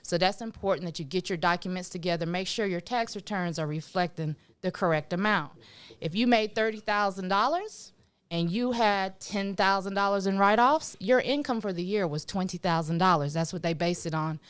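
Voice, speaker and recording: A woman's voice: fairly low pitch, moderate pace, smooth. A woman giving real estate tips on a podcast, upbeat and chatty. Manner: upbeat, whooping, lively interjections. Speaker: real estate agent and co-host. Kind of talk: casual podcast chat.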